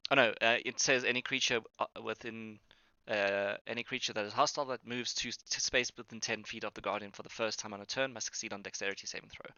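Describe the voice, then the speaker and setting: A man's voice: fairly low pitch, fairly even intonation, fairly quick, hardly any pauses, bright, forceful tone, no room sound, dull audio. A man acting as game master in a tabletop game over voice chat, talking hesitantly with many ums and restarts.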